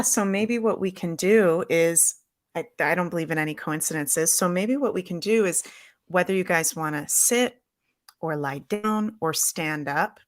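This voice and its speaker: A woman on a livestream video call, speaking earnestly and guiding a slow, soothing breathing visualization. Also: on the low side, no echo, studio quality. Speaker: spiritual guest. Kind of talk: guided visualization.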